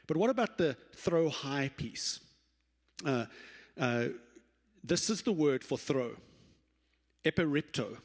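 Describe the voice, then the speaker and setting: A man's voice: on the high side, slow, pauses often. Man preaching in a reverberant church. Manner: lively storytelling, acts out quoted voices, self-correcting restarts. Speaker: pastor. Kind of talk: sermon. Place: church sanctuary. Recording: long reverb of a church hall.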